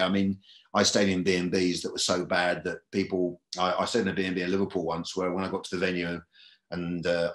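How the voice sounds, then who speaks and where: A man's voice: sits low, fairly bright tone. A man telling stories about his career in a podcast interview, rambling a bit and repeating phrases. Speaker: comedy club booker and comedian. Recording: roomy echo.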